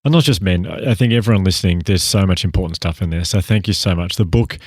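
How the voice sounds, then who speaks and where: A man's voice: deep voice, fast, a little mellow, husky, dry recording, clean studio sound. A man co-hosting an interview, wrapping up the chat with gratitude. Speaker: podcast co-host. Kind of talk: interview wrap-up.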